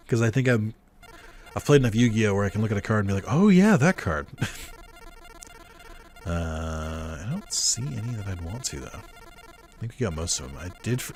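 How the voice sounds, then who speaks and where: A young man talks through his game in a relaxed, offhand let's-play style, thinking aloud as he goes. His voice sits low, and faint game music plays quietly behind it. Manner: laid-back, musing aloud, chuckling. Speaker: gamer. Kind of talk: casual let's-play commentary.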